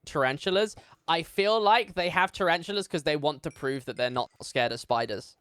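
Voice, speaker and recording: A man streamer in casual chat, teasing with dry, deadpan humor. His voice is smooth and resonant, recorded close and dry. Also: on the high side, normal speed, no room sound. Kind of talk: casual chat while gaming.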